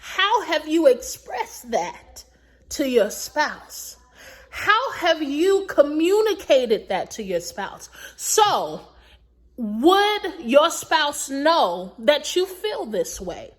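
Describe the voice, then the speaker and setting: A woman recapping a reality show and giving emphatic, preachy marriage advice, repeating her points slowly and laughing between them. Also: sits high, big pitch swings. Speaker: recap vlogger.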